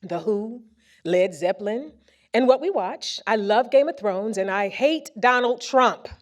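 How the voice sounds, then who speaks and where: A woman presenter reading a first-person story aloud on a theater stage into a microphone, with expressive comic timing. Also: medium pitch, unhurried. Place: theater stage before a live audience.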